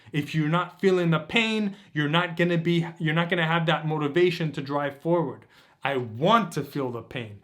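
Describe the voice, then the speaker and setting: A man's voice: fairly high pitch, fairly bright tone. A man giving a motivational dating-coach workshop talk, intense, preachy and profane.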